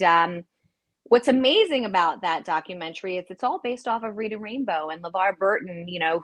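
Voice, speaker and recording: A woman in her forties with a New York accent, a guest actress chatting in a lively, bubbly way and telling stories over a video call. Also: lowish voice, no room sound. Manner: bubbly, chatty storyteller who mimics her own voice. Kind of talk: casual interview chat.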